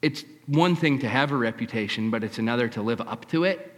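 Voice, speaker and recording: A man's voice: mid-range voice, a little fast, in a large hall. A male preacher retelling a scripture story with dramatic, shifting delivery. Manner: dramatic storytelling, shifting between hushed and raised. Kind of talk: sermon.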